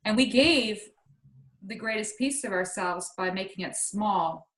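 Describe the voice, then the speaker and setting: A woman's voice: mid-range voice, measured pace, a bit bright, reverberant, poor audio. A woman co-hosting a casual spiritual chat over a video call, speaking earnestly and searching for her words. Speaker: spiritual talk co-host.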